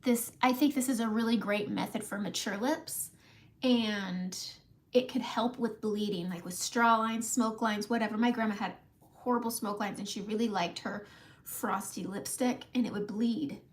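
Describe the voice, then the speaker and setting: A woman's voice: mid-range voice, steady tone, moderate pace. A middle-aged woman hosting a casual live makeup tutorial from home, chatting with viewers by name and laughing often. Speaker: makeup livestream host.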